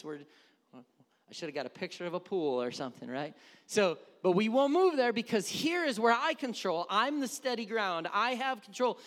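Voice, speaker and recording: Man, pastor, sermon, high pitch, conversational, asks the room questions, reverberant church hall. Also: very animated, a little fast, fairly bright tone.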